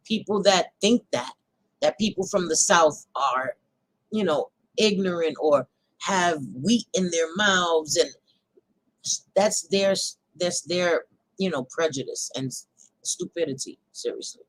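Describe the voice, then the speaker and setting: A woman hosting a casual talk show, speaking bluntly, reacting out loud and swearing freely. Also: on the low side, unhurried, no room sound, low-quality recording. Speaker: host.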